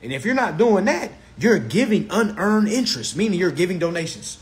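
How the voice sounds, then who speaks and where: A man's voice: sits high, very animated, brisk. A man lecturing on a live stream, blunt and profane, who repeats his phrases for emphasis.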